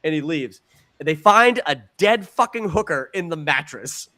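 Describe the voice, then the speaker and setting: A man chats on a podcast in a slightly high voice. He swears freely and tells stories with animated energy, often repeating words as he goes. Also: normal speed. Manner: profane, animated storyteller who repeats words. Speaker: podcast co-host. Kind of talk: casual podcast chat.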